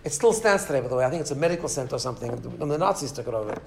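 A man's voice: medium pitch, very fast. A man teaching a Torah class in an informal way, telling stories with lots of restarts and asides to a small audience. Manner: animated storyteller, many restarts and asides.

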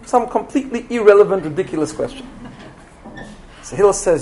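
A man tells a story in a lecture, with an animated, chatty delivery. He often repeats words and checks in with his listeners. His voice is high for a man. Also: brisk, a little hiss or hum.

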